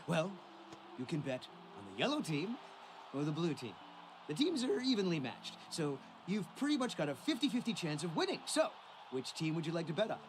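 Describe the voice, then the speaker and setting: Game NPC, a glib arena bookmaker, lively sing-song pitch, salesman charm. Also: brisk, background noise. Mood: salesy. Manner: friendly salesman patter. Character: smooth-talking male arena betting agent. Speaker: video game character.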